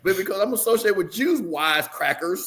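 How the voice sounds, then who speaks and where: A man's voice: sits high, animated, brisk, fairly bright tone, slight background noise. A man hosting a sports talk show, teasing his co-hosts and laughing through a rambling sign-off. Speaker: show host. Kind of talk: casual sign-off banter.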